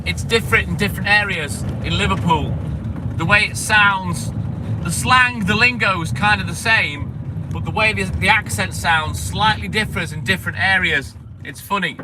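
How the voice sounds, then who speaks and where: High-voiced blunt man chatting live. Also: moderate pace, background noise. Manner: blunt and sweary, chatty asides to viewers. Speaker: livestream host reading viewer comments. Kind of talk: casual live chat.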